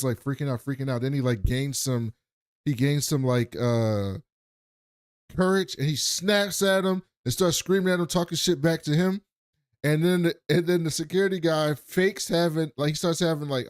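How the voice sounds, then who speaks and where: A man's voice: fairly high pitch, moderate pace, dry recording, clean studio sound. A man co-hosting a podcast, rambling through a story recap with lots of fillers and voices for the characters. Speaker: podcast co-host. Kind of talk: casual recap chat.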